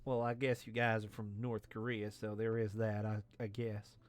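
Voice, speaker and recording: A man's voice: lowish voice, level tone, moderate pace, no echo, pitched below the performer's own voice, close to an everyday voice. A man voicing an easygoing, slightly dim male traveler in a folksy, drawling way.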